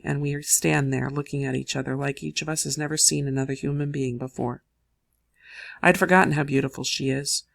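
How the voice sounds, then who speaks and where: An audiobook narrator reading a first-person novel in a measured storytelling manner. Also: male voice, a little high, gravelly, fairly bright tone.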